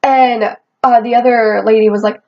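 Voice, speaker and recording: Young woman, casual storytime rant, swears a lot, fairly high voice, muffled lo-fi sound. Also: moderate pace. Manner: swearing, animated, quotes herself often. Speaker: vlogger. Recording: dull lo-fi sound.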